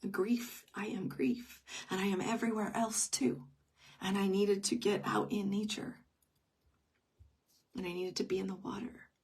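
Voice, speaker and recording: A woman's voice: mid-range voice, little pitch movement, measured pace, a little mellow, husky, distant mic. A middle-aged woman telling a personal story in an unscripted live stream, intimate and emotional, often dropping to a whisper. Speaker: grief teacher.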